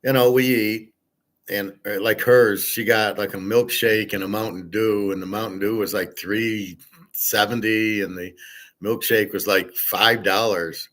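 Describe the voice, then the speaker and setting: A man's voice: on the low side, steady tone, a little slow. A man hosting a casual monologue, blunt and opinionated, swearing freely and rambling with fillers. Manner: rambling with fillers, trails off quietly. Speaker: host.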